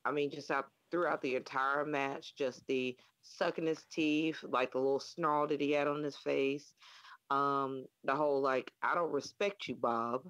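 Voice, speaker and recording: A man's voice: medium pitch, flat delivery, measured pace, fairly bright tone, clear, resonant tone, dry recording. A man co-hosting a casual wrestling podcast, speaking hesitantly with many ums and likes. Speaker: podcast co-host.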